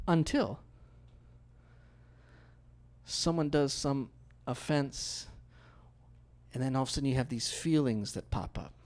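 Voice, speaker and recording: A man preaching a sermon as pastor, telling stories in a conversational way with quick acted-out quotes. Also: medium pitch, lively intonation, a little mellow.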